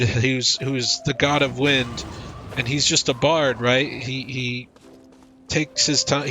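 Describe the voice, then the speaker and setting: A man's voice: mid-range voice, sharp tone. A man giving a casual comedic recap of a game story, rambling and irreverent, swearing freely and admitting what he forgets.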